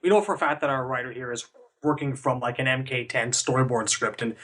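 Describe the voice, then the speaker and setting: A man co-hosts a fan podcast, speaking in a relaxed, confident manner. His voice sits at an ordinary middle pitch. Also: fast. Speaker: podcast co-host. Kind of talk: casual chat.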